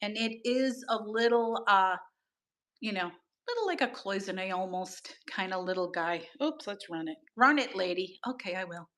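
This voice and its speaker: A woman's voice: medium pitch, normal speed, fairly bright tone. A middle-aged woman, hosting a live-stream auction, gushing over items and greeting viewers by name. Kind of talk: chatty live auction selling.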